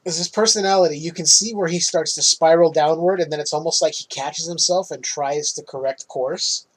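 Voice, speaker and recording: A man's voice: a little high, a little fast, low-quality recording. A man hosting a podcast, chatting casually through a movie recap, swearing freely and laughing often. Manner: swears freely, laughs at his own jokes. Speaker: podcast host.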